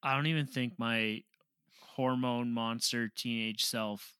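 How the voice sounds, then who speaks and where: A man's voice: mid-range voice, steady tone, takes it slowly, pushed and bright, smooth, no room sound, clean studio sound. A man co-hosting a casual podcast chat, reacting with exaggerated embarrassment and mock quotes. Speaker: podcast co-host.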